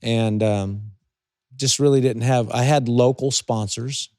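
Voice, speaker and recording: As an interview guest, this older man from California, once a racing driver, tells rambling stories and keeps restarting them in a casual conversation. He speaks a little slowly in a steady, slightly mellow mid-range voice, recorded dry with clean studio quality.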